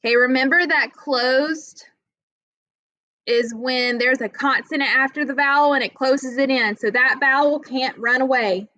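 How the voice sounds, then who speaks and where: A woman's voice: high-pitched, measured pace, sharp tone, no room sound. A woman teaching children a reading lesson, explaining patiently step by step and checking in with "okay?". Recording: dull lo-fi audio.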